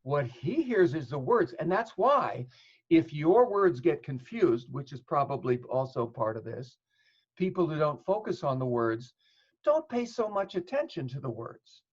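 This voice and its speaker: A man's voice: a little high, sing-song, measured pace, breathy edge. Man explaining in dull lo-fi audio. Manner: thoughtful, explains with examples and plays out dialogue. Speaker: psychotherapist guest. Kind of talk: explanatory interview talk.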